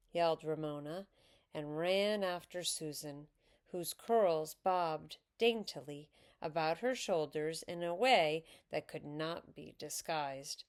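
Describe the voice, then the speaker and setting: Woman reading a children's book aloud, slow and lively in pitch. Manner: expressive, unhurried. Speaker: reader.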